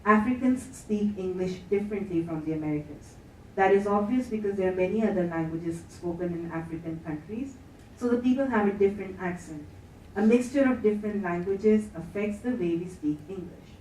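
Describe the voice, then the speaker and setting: A woman giving a measured academic lecture as a conference plenary speaker. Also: medium pitch, mellow, far from the mic, a little hiss or hum. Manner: measured, reads quotes aloud. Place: conference hall. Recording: echoey hall, speaker heard from afar.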